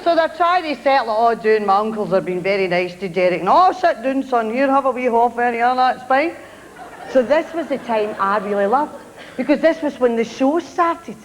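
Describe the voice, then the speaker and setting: A woman's voice: sits high, low-quality recording. A Scottish woman telling comic stories on stage as a show host, chatty and mocking as she acts out relatives and tourists. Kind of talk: stand-up storytelling to a live audience. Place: television studio before an audience. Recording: TV studio with loud audience laughter and noise.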